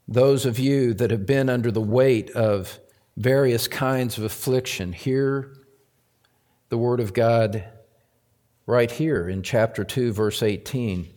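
A man preaching a sermon to his congregation, repeating phrases for emphasis and rising to loud, emphatic peaks. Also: medium pitch, unhurried. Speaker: pastor.

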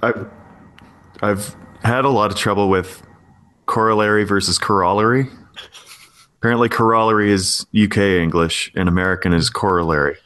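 Brief: man, lowish voice, relaxed musing podcast co-host. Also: a little fast. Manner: relaxed, musing, digs into word trivia. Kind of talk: casual chat.

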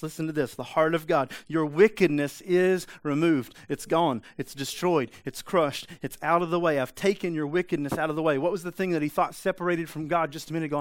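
A man preaching with a fairly high voice, talking straight to his listeners with pointed questions and blunt asides. The sound is close and dry, with no room echo. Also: fairly quick, few pauses. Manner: emphatic, conversational preaching with rhetorical questions. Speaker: pastor. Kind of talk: sermon.

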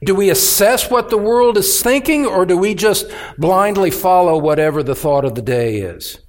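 A man's voice: high-pitched, expressive, moderate pace. A man preaching a sermon as pastor, earnest and urgent, pressing each point with emphasis.

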